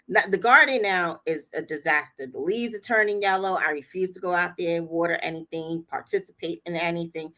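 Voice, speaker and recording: A woman's voice: lowish voice, moderate pace, sharp tone. A woman hosting a livestream, telling a story casually, laughing often and acting out what people said. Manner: chatty, laughs often, acts out quotes. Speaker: livestream host.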